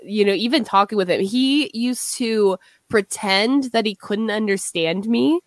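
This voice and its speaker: A woman's voice: medium pitch, measured pace, no room sound. A young woman co-hosting a podcast, chatting casually, laughing often and swearing while she tells stories. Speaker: podcast co-host. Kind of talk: casual chat.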